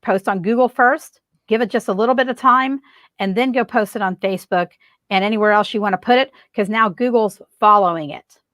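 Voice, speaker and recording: A woman's voice: mid-range voice, brisk, fairly bright tone, no room sound. A woman guest on a podcast, giving marketing advice in a casual, emphatic way and repeating her key points.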